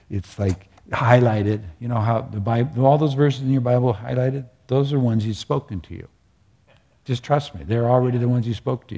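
Male preacher, mellow and husky, earnest conversational sermon that keeps checking in with listeners. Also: mid-range voice.

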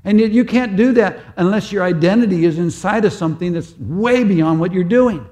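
A man preaching a sermon as a pastor, moving between loud emphatic peaks and quiet, intimate prayer. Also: sits high, normal speed.

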